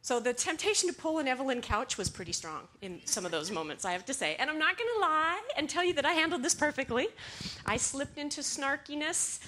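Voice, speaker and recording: A woman giving a talk to an audience, telling stories in an animated way, laughing now and then and acting out the lines she quotes. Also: high voice, fairly quick, a little hiss or hum.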